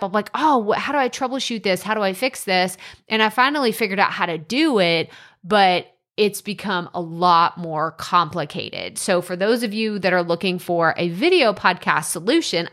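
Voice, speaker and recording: A woman's voice: on the low side, a bit bright. Woman podcast host, chatty casual advice delivery, loose with filler words.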